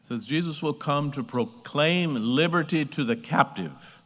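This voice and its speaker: A man preaching a sermon, slow and emphatic, repeating phrases as he builds. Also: medium pitch, a bit bright, long reverb tail.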